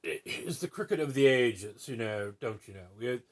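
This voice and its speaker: A man's voice: mid-range voice, animated, moderate pace, close to an everyday voice. A man voicing a haughty male cricket purist in an attempted mid-Atlantic accent, with a mock-posh drawl. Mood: snooty.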